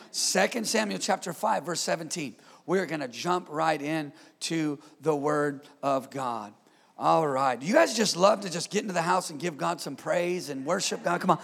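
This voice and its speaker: A man preaching as a pastor, energetic with joking asides and calls for amen from the congregation, in a church. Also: a little high, normal speed, vocal fry, breathy edge. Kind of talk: sermon. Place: church sanctuary. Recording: long hall reverb.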